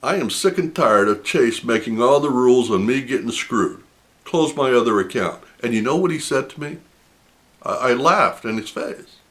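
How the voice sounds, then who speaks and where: A man with a medium-pitched, animated voice speaks at a moderate pace. He hosts a personal finance channel and, talking to camera, indignantly retells a phone argument with heavy emphasis, laughing in disbelief.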